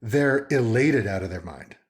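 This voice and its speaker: Animated, swearing dad-podcast host. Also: male voice, medium pitch, unhurried. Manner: animated, swears freely, acts out what he says to his kids. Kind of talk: casual podcast chat.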